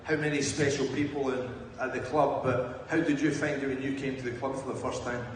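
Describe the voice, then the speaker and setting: A man's voice: mid-range voice, flat delivery, brisk, slight background noise. A man hosting a live event, asking a long, rambling question. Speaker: host. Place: large hall before an audience. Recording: echoey hall from far off.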